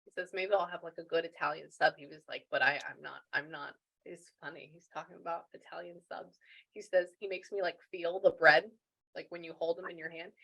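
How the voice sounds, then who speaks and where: A woman's voice: lowish voice, steady tone, fairly quick, creaky, bright, forceful tone, breathy edge, rough recording. A woman working as a spiritual medium, relaying messages in a chatty way and thinking aloud with lots of restarts. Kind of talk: relaying messages during a reading.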